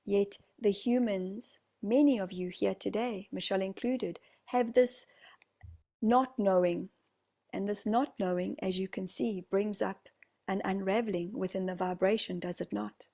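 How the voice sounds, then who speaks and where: Nz woman channeling a group session, slow formal "we" talk, mellow warm tone. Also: medium pitch, fairly even intonation, creaky. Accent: New Zealand. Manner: slow, soft, formal speech speaking as "we".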